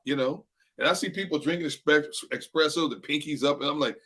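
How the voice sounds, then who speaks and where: Male football analyst guest, casual and animated, slightly raised pitch, quick to laugh. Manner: animated storyteller, laughs often. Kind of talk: casual chat.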